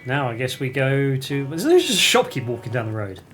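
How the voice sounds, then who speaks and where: A man's voice: mid-range voice, a little fast, fairly bright tone, a little hiss or hum. A man co-hosting a video game let's play, chatting and joking in a casual, playful way. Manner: jokey, chatty, puts on an Australian voice.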